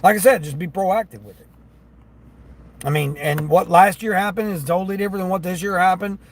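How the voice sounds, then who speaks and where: A delivery driver livestreams from his car, chatting fairly quickly and complaining about gig work and his customers, whose voices he imitates. His voice is a bit high for a man, with the vehicle's hum underneath.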